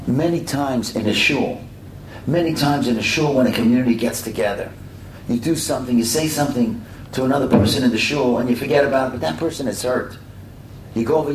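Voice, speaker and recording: Middle-aged male preacher telling stories with animated asides, recorded far off with a low rumble. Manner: conversational, animated storyteller with frequent asides. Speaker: speaker at a religious community talk. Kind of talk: storytelling sermon. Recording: echoey room from a distance, faint rumble.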